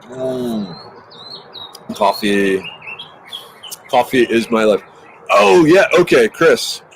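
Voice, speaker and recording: A man hosting a casual outdoor livestream, talking extra loud into a handheld microphone. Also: mid-range voice, big pitch swings, drawn-out words, gravelly, background noise. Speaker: livestream host. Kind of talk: casual livestream chat greeting viewers. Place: outdoors near a busy highway. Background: birdsong.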